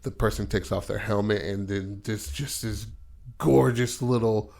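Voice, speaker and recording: A man's voice: on the low side, a little slow, gravelly, darkish tone. Rambling, profane male podcast storyteller. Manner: rambling and profane, full of filler phrases. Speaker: podcast co-host. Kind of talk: casual storytelling, pitching a movie plot.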